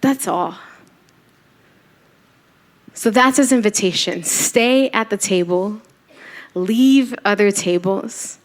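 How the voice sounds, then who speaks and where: A woman's voice: mid-range voice, takes it slowly, pauses often. A woman preaching a church sermon, telling a story casually and acting out the quoted voices. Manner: conversational storytelling, acts out quotes.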